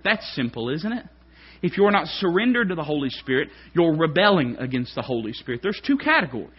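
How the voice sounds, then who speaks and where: A male pastor preaching a sermon in a church, fervent, swinging from quiet talk to shouting. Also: on the high side, slightly rough, lo-fi sound. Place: church sanctuary.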